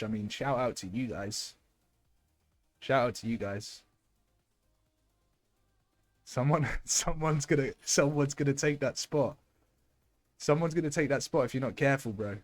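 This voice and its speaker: A young man gives live esports commentary, excitable and loud as he shouts out thanks to his viewers. His voice sits at an ordinary middle pitch, and it is going a little hoarse from all the shouting. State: losing his voice. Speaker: streamer and match caster.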